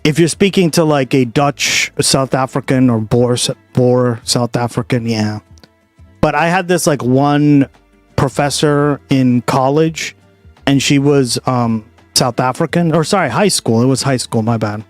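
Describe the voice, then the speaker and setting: A man's voice: mid-range voice, measured pace, no room sound, soft background music. A man hosting a livestream, chatting casually and profanely with his viewers. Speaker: livestream host. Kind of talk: casual stream chat.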